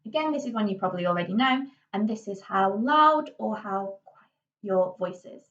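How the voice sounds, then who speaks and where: A woman's voice: medium pitch, expressive, normal speed, a bit bright. A young adult woman teaching drama in a chatty classroom tutorial, full of fillers and "okay"s. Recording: dull, slightly distant lo-fi recording.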